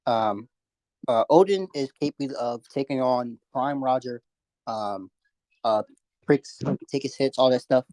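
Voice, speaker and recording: A man's voice: mid-range voice, unhurried, a little mellow, no echo. A young man in a casual online debate, insistent and at times mumbling.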